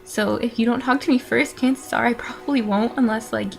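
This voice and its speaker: A woman's voice: fairly high pitch, fairly even intonation, a little fast, creaky, soft background music. A nineteen-year-old woman casually rambling through follower questions in a vlog, with lots of fillers, sighs and little laughs. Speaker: vlogger answering follower questions.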